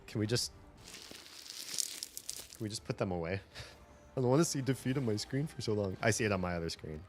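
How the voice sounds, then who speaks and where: A man's voice: lowish voice, animated, a little fast, a little hiss or hum. A male streamer chatting casually with viewers, rambling and lecturing about language and accents. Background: faint game music.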